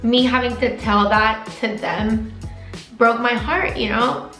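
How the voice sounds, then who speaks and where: A woman's voice: on the high side, steady tone, takes it slowly, fairly bright tone, faint music behind. Emotional young woman vlogging in an echoey room. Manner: emotional, openly tearful at times; chatty with many likes and restarts. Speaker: veterinary student vlogger. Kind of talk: personal vlog talking to camera.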